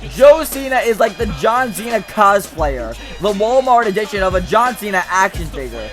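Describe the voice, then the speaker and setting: High-pitched, shouting wrestling commentator man. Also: moderate pace, music in the background. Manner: loud, excitable, trash-talking wrestling announcer. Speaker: play-by-play commentator. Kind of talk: hyped wrestling commentary over video game footage.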